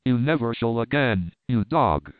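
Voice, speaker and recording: A man's voice: medium pitch, animated, a little slow, no echo, lightly acted. A man reading the lines of a bitter, threatening army officer in an audiobook, with cold, hissing warnings. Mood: menacing. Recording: crisp, dry, phone-like narrow sound.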